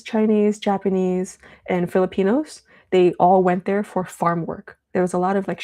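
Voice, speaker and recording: A young woman hosting a live stream, chatting casually and rambling with many fillers as she demos software. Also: on the low side. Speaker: livestream host.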